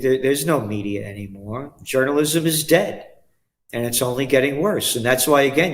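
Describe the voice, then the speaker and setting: Blunt older New York man hosting. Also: mid-range voice. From the Bronx, New York. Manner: blunt, rambling, emphatic. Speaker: guest host. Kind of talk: casual talk show chat.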